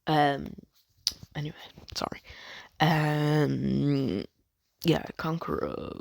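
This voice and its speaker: A man's voice: fairly high pitch, animated, extremely slow, creaky, no room sound. A man rambling through a fan story, swearing a lot, cutting himself off and joking about it. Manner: rambling, sweary, self-interrupting, jokey.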